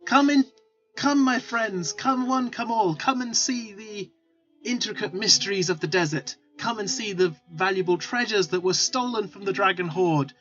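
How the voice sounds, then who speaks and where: A man voicing a boastful male gnome street hawker, shouting sales patter in a put-on foreign accent. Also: on the high side, moderate pace, natural voice. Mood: hawking. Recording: lo-fi with faint music.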